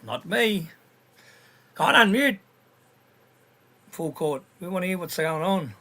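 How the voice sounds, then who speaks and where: A man's voice: on the high side, lively intonation, normal speed, a bit bright. An Australian man in casual voice chat, talking bluntly with slang and heavy swearing. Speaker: livestream voice chat participant.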